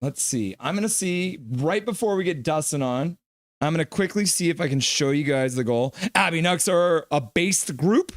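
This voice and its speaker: A man hosting a live hockey reaction stream, calling the plays and reading out chat messages in an excitable way. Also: on the high side, moderate pace, dry recording, studio quality. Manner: excitable play-by-play, reads chat aloud.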